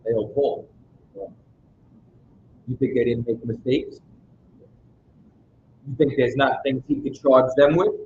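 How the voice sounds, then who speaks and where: A man's voice: mid-range voice, steady tone, slow pace, long pauses, a little mellow. A man teaching a Bible study in a casual, emphatic way, constantly checking that his listeners follow him. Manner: casual street-style speech. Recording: roomy, dull sound with faint noise.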